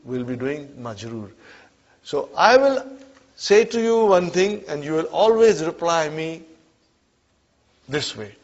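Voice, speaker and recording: A man's voice: a little high, sing-song, slow pace, long pauses. Man teaching a class, drilling replies. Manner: drills call-and-response, repeats checks like "are you with me". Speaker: Arabic teacher. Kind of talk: classroom lesson. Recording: muffled lo-fi classroom recording.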